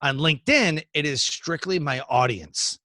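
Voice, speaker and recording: An energetic man talks in a casual interview, telling stories and acting out what people said. His voice is bright and forceful, a little higher than most men's. The sound is close and dry. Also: measured pace, dry recording. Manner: energetic, storytelling, acts out quoted dialogue. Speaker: professional speaker and speaking coach.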